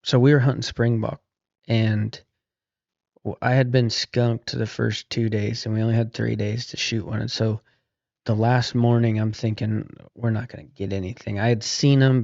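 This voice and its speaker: A man's voice: mid-range voice, moderate pace, creaky, no room sound. A middle-aged man, a podcast guest and author, telling long casual anecdotes with easygoing restarts. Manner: relaxed, rambling anecdotes with frequent restarts. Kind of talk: casual storytelling. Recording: dull, lo-fi podcast audio.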